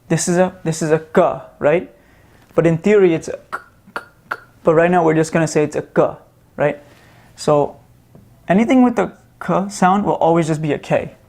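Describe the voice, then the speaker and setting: A man teaching a lesson in a relaxed, casual way, sounding out letters slowly and often asking "right?" to check in. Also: fairly high pitch. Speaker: Sanskrit teacher.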